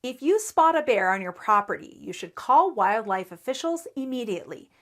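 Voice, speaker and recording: Woman reading local news. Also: a little high. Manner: measured, even newsreader delivery. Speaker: news reporter. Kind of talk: scripted news narration.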